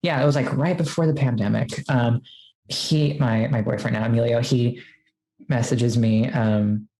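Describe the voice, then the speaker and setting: A woman's voice: rumbling low, steady tone, moderate pace, mellow, reverberant, low-quality recording. Chatty woman telling her story. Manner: chatty, many "like" fillers, quotes herself. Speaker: podcast guest. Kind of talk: casual personal storytelling.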